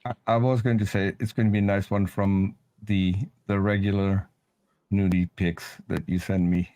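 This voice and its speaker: A man's voice: deep voice, flat delivery, normal speed, warm tone. A man from the Netherlands, teasing and hesitant in a casual live chat. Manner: teasing, hesitant, restarts sentences.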